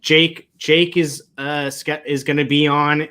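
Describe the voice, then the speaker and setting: A man's voice: fairly high pitch, level tone, slow, pushed and bright, clear, resonant tone. A man co-hosting a podcast in easygoing casual chat, with frequent hesitations. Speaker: podcast co-host.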